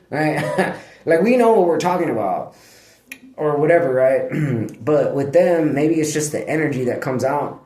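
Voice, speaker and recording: A man's voice: on the high side, animated, moderate pace, warm tone. A man vlogging in casual, rambling talk, laid-back and profane, laughing often. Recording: echoey room.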